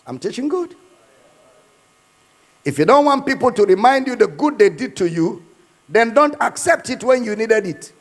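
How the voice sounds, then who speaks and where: High-voiced preacher in a hall. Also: male voice, very animated, normal speed, pauses often. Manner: emphatic preaching, repeats lines. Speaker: pastor. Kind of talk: sermon. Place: church hall. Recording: hall reverb.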